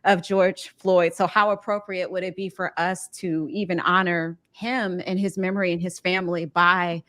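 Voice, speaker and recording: A woman's voice: on the low side, level tone, moderate pace, fairly bright tone. Heartfelt woman host, near tears. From Ohio, USA. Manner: earnest and heartfelt, holding back tears. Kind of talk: emotional interview chat.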